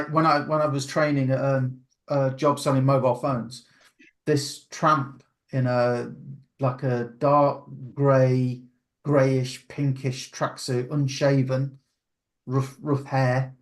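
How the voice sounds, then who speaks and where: A man hosting a video call, chatting casually and rambling with many restarts. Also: mid-range voice. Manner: rambling, restarts often, laughs easily. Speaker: meeting host.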